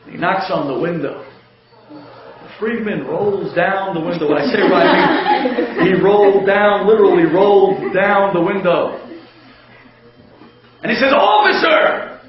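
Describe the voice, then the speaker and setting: A man tells a humorous inspirational story, animated and chuckling as he goes. His voice sits fairly high. The recording is lo-fi and dull, with a heavy, roomy echo. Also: a little slow, crowd noise. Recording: very echoey, dull lo-fi audio.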